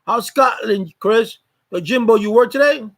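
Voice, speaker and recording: Male live streamer with a high voice, chatting casually and greeting viewers by name. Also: normal speed, a bit bright, low-quality recording. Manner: loose, greets viewers by name, repeats words.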